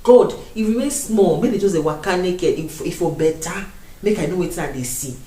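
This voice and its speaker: A young woman with a Nigerian accent talks to her camera in a chatty, laughing way, now and then dropping into Pidgin. Her voice sits a little low. She is recorded at some distance from the mic in a room with a clear echo. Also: lively intonation, moderate pace, warm tone. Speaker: vlogger. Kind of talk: casual vlog talk to camera.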